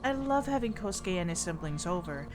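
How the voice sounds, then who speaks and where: A woman voicing a kindly, worried elderly grandmother with a put-on accent, speaking slowly and tenderly. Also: lowish voice, expressive, over music, close to an everyday voice. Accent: put-on foreign accent. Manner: slow, soft-spoken and tender.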